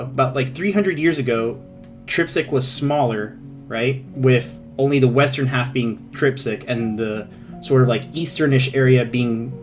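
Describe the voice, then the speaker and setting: A man narrating as game master, rambling and halting, with many fillers and restarts. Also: mid-range voice.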